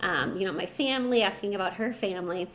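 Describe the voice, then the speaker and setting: A woman's voice: mid-range voice, fast talker, fairly bright tone, slight background noise. Chatty woman telling a personal story. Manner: chatty, full of "like" and "you know". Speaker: podcast guest, language teacher. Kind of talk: casual storytelling.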